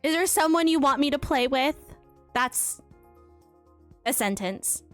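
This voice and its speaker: A woman's voice: high voice, expressive, unhurried, soft background music. Bubbly woman streaming a game. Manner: bubbly, reads story text aloud. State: out of breath. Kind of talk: casual live gameplay commentary and reading.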